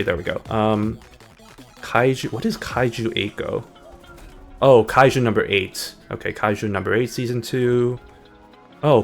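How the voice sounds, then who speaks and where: Rambling, gravelly-voiced male streamer. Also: mid-range voice. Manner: rambling, jumps between topics, hyper. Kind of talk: casual gaming stream chat.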